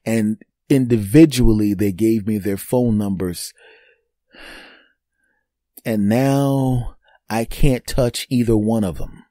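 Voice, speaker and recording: A man's voice: medium pitch, warm tone, no echo, studio quality. A man around fifty telling a story on his podcast, boastful and joking, sometimes mimicking other people's voices. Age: 50s. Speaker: podcast host. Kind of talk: storytelling monologue.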